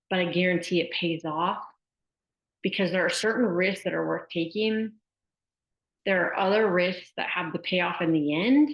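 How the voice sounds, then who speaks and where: A middle-aged woman, a sports nutrition specialist, chatting casually and telling stories, often tossing in "like" and "right?". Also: on the low side. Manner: chatty storyteller, frequent "like" and "right?". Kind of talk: casual conversational advice. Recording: echoey room, dull lo-fi sound.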